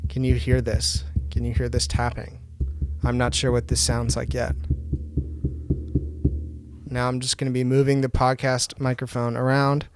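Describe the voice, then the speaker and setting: A man's voice: medium pitch, completely flat delivery, moderate pace, pauses often, a little hiss or hum. A man hosting a microphone review vlog, talking offhand and chatty into a close podcast mic and reading test phrases aloud. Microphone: podcast microphone close to the mouth.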